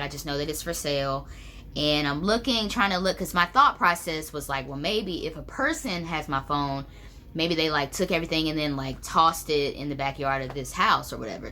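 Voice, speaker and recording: Low-voiced chatty young woman. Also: sharp tone, slight background noise. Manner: chatty, many fillers like "like" and "um". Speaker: vlogger telling a story. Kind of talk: casual storytelling.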